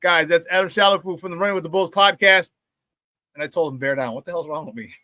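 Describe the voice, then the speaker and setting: A man hosting a sports talk show, talking excitedly and casually with many restarts and repeated phrases. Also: high-pitched, fast, no room sound. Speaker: sports radio host.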